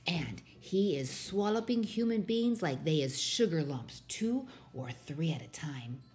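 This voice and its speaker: A woman voicing a big, gentle male giant who speaks slowly and softly with mangled grammar. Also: sits low, sing-song. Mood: nervous hush. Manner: slow, soft and hushed.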